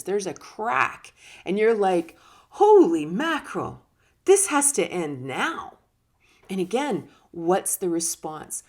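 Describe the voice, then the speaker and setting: A woman giving a conversational teaching talk on personal growth, emphatic and now and then laughing or acting out short quotes. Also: on the low side. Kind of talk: casual spoken teaching talk.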